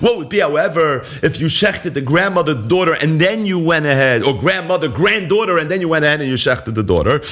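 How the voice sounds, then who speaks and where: A man's voice: on the high side, a bit bright. A man teaching a daily Talmud lesson, explaining step by step and asking and answering his own questions.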